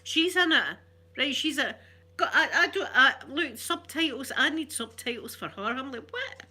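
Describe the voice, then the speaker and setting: A woman with a Glaswegian Scottish accent chatting casually, a rambling storyteller who laughs often and slips into soft asides. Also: high-pitched, animated, normal speed. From Glasgow, Scotland. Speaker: ASMR vlogger. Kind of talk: casual chat.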